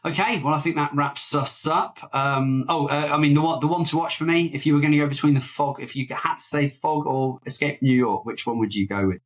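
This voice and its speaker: A man's voice: a little high, a little fast, few pauses, poor audio. A man co-hosting a casual film-review podcast, talking in a rambling, hesitant way full of fillers and restarts. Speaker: podcast co-host.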